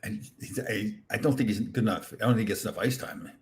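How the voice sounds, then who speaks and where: A man's voice: on the low side, fast talker, a little hiss or hum. A man hosting a casual podcast, teasing his guests and laughing easily. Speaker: podcast host. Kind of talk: casual chat.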